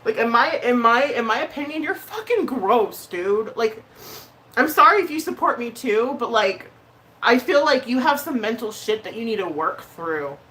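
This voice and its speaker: A woman vlogger chatting casually on a live stream, blunt and heated, swearing often and pausing on fillers. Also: on the high side, animated, bright, forceful tone. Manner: emotional, hesitant with many fillers.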